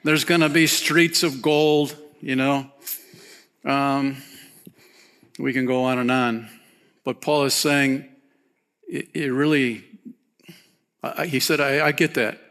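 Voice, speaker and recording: A pastor preaching a sermon, casual and animated, peppering his talk with "man" and "you know". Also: slow, pauses often. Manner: animated, rises high when excited, softens and drops low near the close.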